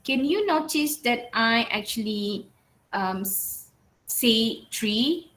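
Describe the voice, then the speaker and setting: A woman's voice: mid-range voice, fairly bright tone, low-quality recording. A woman lecturer teaching an online class, checking in often with "all right" and "okay" and stressing keywords as she repeats them. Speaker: university English lecturer.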